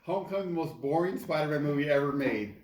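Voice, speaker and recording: Blunt deadpan man, echoey room. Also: on the high side, quick pace. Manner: blunt, dry, deadpan put-downs. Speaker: co-host ranking films. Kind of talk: casual chat. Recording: echoey room with faint noise.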